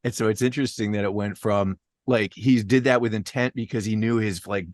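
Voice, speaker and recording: A man's voice: fairly low pitch, fairly even intonation, brisk, no room sound. A man co-hosting a casual chat about comics, talking in a chatty conversational way. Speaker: co-host.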